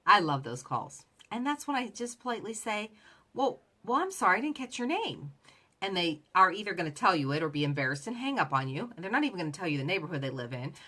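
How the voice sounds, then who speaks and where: A woman's voice: on the low side, big pitch swings, quick pace, hardly any pauses, pushed and bright. A woman giving chatty sales advice who acts out both sides of the conversations she describes. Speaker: direct sales coach. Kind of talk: casual motivational talk.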